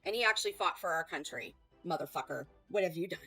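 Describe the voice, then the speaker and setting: A woman's voice: on the low side, animated, quick pace, pushed and bright, slightly rough, faint music behind, poor audio. A woman hosting a heated reaction stream, talking back in a combative, sarcastic and profane way.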